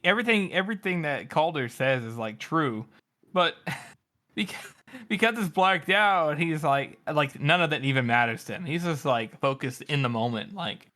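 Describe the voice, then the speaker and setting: A man co-hosting a podcast, talking about a book in excited, rambling casual chat full of "like"s. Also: mid-range voice, normal speed. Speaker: podcast co-host.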